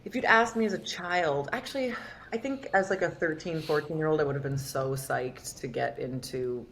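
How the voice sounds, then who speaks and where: A woman actor chats as a podcast guest in a casual interview, candid and rambling, leaning heavily on "like" and other fillers. Her voice is low-pitched at a moderate pace, with slight background noise.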